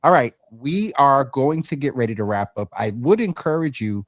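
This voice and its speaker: Male host, folksy and animated, stammers through restarts, dry close sound. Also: medium pitch, moderate pace, no echo. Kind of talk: casual health talk show.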